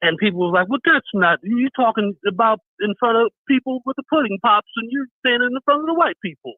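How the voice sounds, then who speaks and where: A high-voiced man calling into a live stream, arguing his side with a sarcastic edge. His voice comes through a thin, phone-like line. The sound is dry, with no room echo. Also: a little fast. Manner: sarcastic, argumentative. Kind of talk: casual debate on a live stream.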